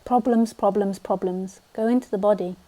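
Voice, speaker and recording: A woman's voice: medium pitch, steady tone, normal speed, dark tone. A woman spiritual teacher giving a live talk, blunt and direct, sometimes mocking the mind in silly voices.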